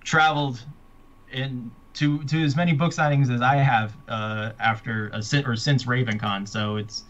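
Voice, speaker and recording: Man, author, casual chat, halting restarts, mid pitch, muffled lo-fi sound. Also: steady tone, fairly bright tone. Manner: halting, many restarts and fillers.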